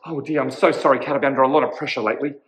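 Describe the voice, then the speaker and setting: A man voicing a small, fretful little witch woman in a children's story, talking high and apologising in a fluster. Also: fairly even intonation, racing, reverberant, natural voice, rough recording.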